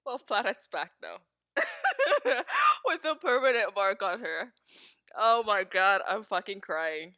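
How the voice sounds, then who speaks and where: A woman's voice: medium pitch, sing-song, slow, pushed and bright, no room sound, studio quality. A woman live streamer chatting casually with her viewers, laughing often and swearing freely.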